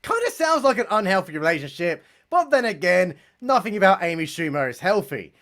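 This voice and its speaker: A young man giving sarcastic, mocking commentary as he reviews a comedy special, with deadpan asides and casual swearing. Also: high voice, brisk.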